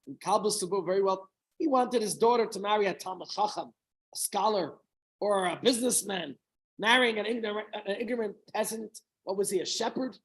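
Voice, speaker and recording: A middle-aged rabbi talks a little fast in a husky, high-sitting voice, recorded roughly. Telling a story to a small group, he drops in chatty asides and asks his listeners questions.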